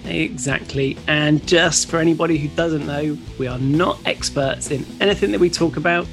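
Cheery guy, slightly higher voice with a crackly fry, laughs a lot while chatting. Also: normal speed, music in the background. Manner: upbeat, laughs often, agreeable. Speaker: podcast co-host. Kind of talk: casual chat.

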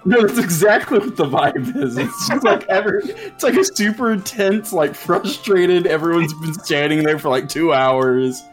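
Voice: medium pitch, animated, normal speed, few pauses, faint music behind. A game master narrating a tabletop game in a giggly, rambling way, full of fillers.

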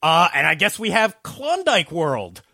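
A man's voice: a little high, a little slow, vocal fry, no echo, studio quality. A man co-hosting a podcast, chatting casually and jokingly, often stammering as he starts his thoughts. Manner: animated, jokey, stammering restarts. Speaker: podcast co-host. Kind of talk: casual chat.

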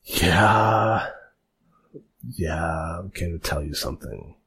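A man's voice: sits low, slow, vocal fry, a bit bright, pitched below the performer's own voice, exaggerated voice. A man voicing a sullen, embarrassed young man who mumbles reluctantly.

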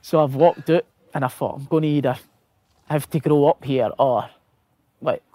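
A man's voice: on the high side, steady tone, normal speed, warm tone, no room sound. Guest: Scottish man, slightly raised voice, dry close sound, swears and laughs through his stories. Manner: laughing, swearing anecdotes, acts out quotes. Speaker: guest, footballer. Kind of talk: casual storytelling.

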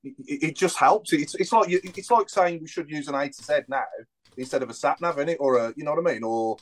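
Man, football podcast co-host, rapid delivery, rambling. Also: a little high. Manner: chatty, rambling, lots of fillers. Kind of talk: casual football chat.

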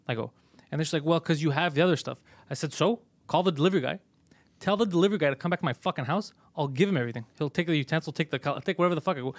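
A man hosting a comedy podcast tells a long story, swearing freely and animated as he goes. He talks quickly in a slightly high voice. The recording is dry and close. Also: no echo. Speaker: podcast host. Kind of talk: casual comedy podcast chat.

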